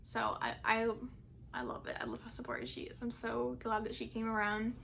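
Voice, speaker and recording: A young woman vlogger recounts her own story in loose, chatty speech, her voice sitting a little high. She rambles, circling back with plenty of "like" and "um". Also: little pitch movement, a little fast, creaky, fairly bright tone, a little hiss or hum. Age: young adult. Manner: rambling, heavy use of "like" and "um". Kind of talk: casual personal storytelling.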